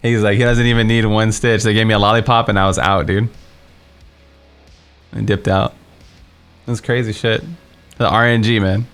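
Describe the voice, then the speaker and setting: Rambling low-voiced man telling a story. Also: fairly even intonation, moderate pace, long pauses, a bit bright, soft background music. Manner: rambling, many fillers and restarts. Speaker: game streamer. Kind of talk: casual storytelling while playing.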